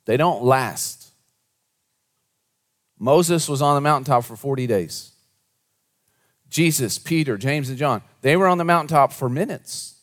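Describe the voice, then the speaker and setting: A male pastor preaches unhurriedly to a congregation, pausing often. His sermon alternates between hushed, low asides and animated, raised storytelling.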